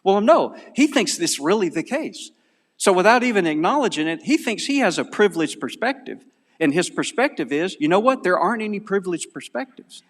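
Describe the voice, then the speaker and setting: Man, Southern US accent, conference lecture, animated, self-correcting, long hall reverb. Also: sits high, brisk. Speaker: conference speaker.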